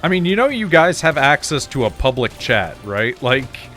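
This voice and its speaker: A man's voice: medium pitch, sing-song, moderate pace, fairly bright tone, faint music behind. Laid-back man streaming a game. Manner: loose, profane, chatting with viewers. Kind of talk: casual gameplay commentary.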